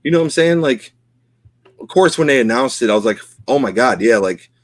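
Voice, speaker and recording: Here a middle-aged podcast co-host rambles emotionally through casual chat, leaning heavily on fillers. He speaks at medium pitch, expressively and fairly quickly, on a dry recording.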